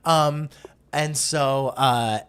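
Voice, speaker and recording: A man's voice: medium pitch, fairly even intonation, extremely slow, fairly bright tone, clear, resonant tone. A man co-hosting a podcast, telling a story in casual chat with lots of fillers and restarts, acting out quotes and swearing casually. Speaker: podcast co-host.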